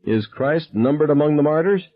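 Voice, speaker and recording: A man voicing a frantic teenage gunman who shrieks his questions in high, shrill bursts. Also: expressive, moderate pace. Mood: shrill, menacing. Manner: high, shrill interrogating shouts. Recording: dull lo-fi sound.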